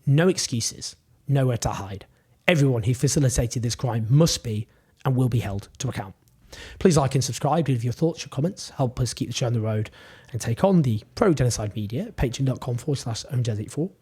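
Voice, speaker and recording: A man's voice: mid-range voice, expressive, brisk, mellow, husky. A man giving indignant scripted political commentary, emphatic and full of rhetorical questions.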